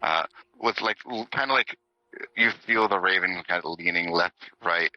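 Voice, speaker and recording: A deep-voiced man runs a tabletop game, narrating in a loose, easygoing way with plenty of fillers. His tone is sharp and bright. The stream audio sounds dull and dry. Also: normal speed, dry recording. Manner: relaxed, filler-heavy narration with chuckles. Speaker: game master.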